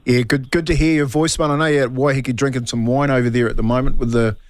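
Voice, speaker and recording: Matey New Zealand co-host, dry studio. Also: male voice, medium pitch, steady tone, fast talker, no room sound. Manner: matey, prompting questions. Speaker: co-host, rugby league analyst. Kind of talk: casual sports chat.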